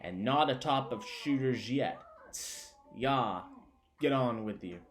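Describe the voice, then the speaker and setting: A man's voice: medium pitch, slow, natural voice. A man voicing an irritable, grumbling male coachman. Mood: vexed.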